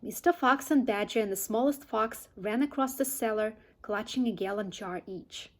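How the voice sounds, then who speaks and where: A woman reading a children's chapter book aloud and then asking quiz questions in a clear, teacherly way. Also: on the high side, normal speed. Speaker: storybook reader.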